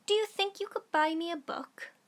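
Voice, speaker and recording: A woman's voice: very high voice, moderate pace, a bit bright, pitched above the performer's own voice. A woman doing a polite little girl. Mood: polite asking. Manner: polite, asking.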